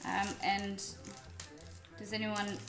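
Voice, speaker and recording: A woman's voice: medium pitch, level tone, slow, fairly bright tone. An Australian woman from Melbourne hosting a live cooking stream, chatting casually with viewers as she cooks. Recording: roomy echo with music behind.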